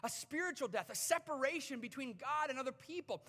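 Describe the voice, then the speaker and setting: A pastor in his thirties delivers a sermon to his congregation in the church sanctuary, chatty and animated, weaving in humorous stories. His high, bright voice moves a little fast, and the mic picks up a long, echoing reverb from the hall.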